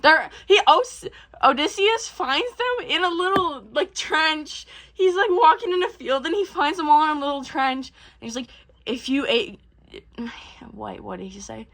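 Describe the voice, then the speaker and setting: A young woman casually recapping a film, rambling and swearing, jumping into quick voices for the characters. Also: high voice, lively intonation, a bit bright. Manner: rambling and profane, acts out characters in quick bursts. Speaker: vlogger.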